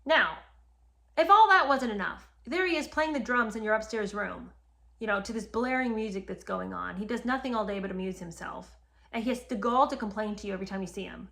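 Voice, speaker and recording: A woman's voice: mid-range voice, fairly quick, vocal fry, bright, forceful tone. A woman hosting a history podcast, retelling events and reacting with indignation while talking straight to her listeners. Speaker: podcast host. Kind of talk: animated history commentary.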